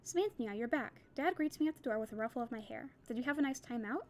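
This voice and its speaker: Young woman reader, slightly high voice, plain novel reading with casual asides. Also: rapid-fire, a little mellow, slight background noise. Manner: reads plainly, breaks off for chatty, laughing asides.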